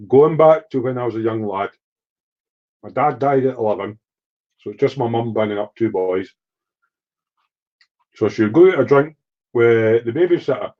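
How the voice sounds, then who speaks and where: A middle-aged man from Edinburgh, Scotland, with a Scottish accent and a mid-range voice chats casually on a live stream. He rambles, swears, tells stories and reads the chat aloud. The sound is lo-fi.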